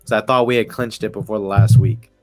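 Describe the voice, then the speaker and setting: A man's voice: lowish voice, steady tone, fast talker, darkish tone, no room sound, faint music behind. A man streaming casual live baseball commentary, rambling, swearing often and laughing as he talks. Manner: rambling, profane, laughs while talking. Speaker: sports streamer.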